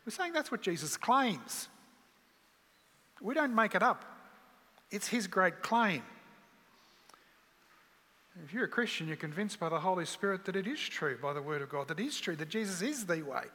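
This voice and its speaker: A man preaching a sermon with an earnest, bright, forceful voice. He leans on rhetorical questions, and his words ring with a long hall reverb. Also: high voice, big pitch swings, moderate pace, pauses often.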